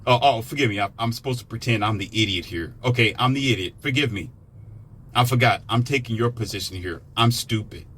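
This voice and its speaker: Male ranter, sarcastic and animated, middle pitch, slight background noise. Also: fairly quick. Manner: animated, sarcastic, swings into mocking high-pitched impressions. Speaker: commentator. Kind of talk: ranting monologue.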